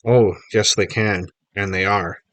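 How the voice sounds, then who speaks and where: A man voicing an excitable middle-aged reporter dad, eager and teasing, bubbling over with news. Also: on the low side, measured pace, dry recording.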